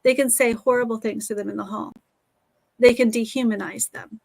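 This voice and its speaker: A middle-aged woman speaks as an interview guest, earnest and reflective, now and then restarting a thought. Her voice sits a little higher than most. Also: fairly even intonation, brisk, vocal fry, a little mellow. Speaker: guest, author and teacher.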